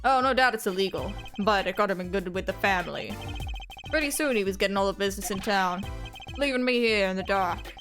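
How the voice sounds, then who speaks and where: A woman voicing a grumpy old male noodle-stand chef in a video game, with a gruff, grumbling, folksy manner. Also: mid-range voice, fairly quick, music in the background, close to an everyday voice. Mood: bitter.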